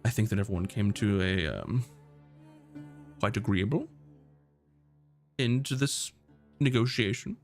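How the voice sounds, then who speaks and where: A man voicing a genteel, pushily polite gentleman trader in a tabletop game. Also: lowish voice, lively intonation, measured pace, long pauses, faint music behind. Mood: smarmy, persuasive.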